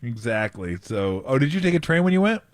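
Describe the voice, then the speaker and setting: A man's voice: mid-range voice, brisk, no echo, studio quality. A man hosting sports radio, chatting casually in a joking way and acting out quotes. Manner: joking, animated, laughs often, acts out quotes. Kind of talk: casual chat.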